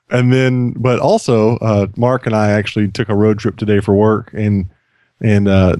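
A man's voice: fairly low pitch, a little mellow, no echo. A man co-hosting a casual comedy podcast, a chatty storyteller who playfully interrupts, heard on a close mic. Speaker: podcast co-host.

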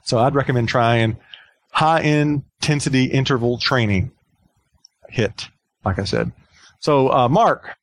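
A man with a mid-range voice talks casually as a podcast co-host, easygoing and joking, with plenty of fillers. The sound is dry and close, with no room echo. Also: mid-range voice. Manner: chatty, joking, rambling with fillers.

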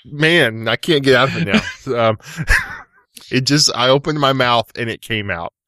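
A wry man co-hosts a casual podcast, making easy, joking remarks. His mid-pitched voice is recorded close and dry. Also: lively intonation, unhurried, pushed and bright, dry recording. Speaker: podcast co-host.

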